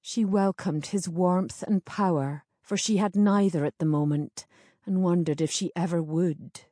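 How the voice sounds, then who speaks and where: A woman narrating a historical novel in a measured, steady storytelling voice. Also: on the low side, no room sound, studio quality. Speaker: audiobook narrator. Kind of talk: scripted narration.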